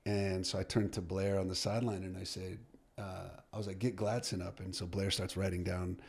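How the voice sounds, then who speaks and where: A middle-aged man with a slightly low voice tells a story from his coaching career as a podcast guest. He talks loosely, with fillers and restarts, and slips into the voices of the people he quotes. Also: a little fast, vocal fry, husky. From United States. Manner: lively storyteller who acts out dialogue, with many fillers and restarts.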